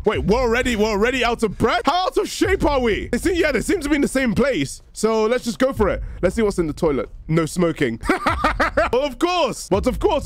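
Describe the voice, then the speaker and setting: Excitable high-voiced young man gaming. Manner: excitable, jokey, quick reactions and shouts. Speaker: gaming YouTuber. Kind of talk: let's play commentary.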